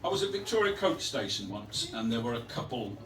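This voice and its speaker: A man's voice: medium pitch, sing-song, fairly quick, a bit bright, reverberant, far from the mic. A man performing his own poems at a live reading, with playful, self-mocking humour and chat with the audience between pieces. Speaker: performance poet. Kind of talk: live poetry reading with banter.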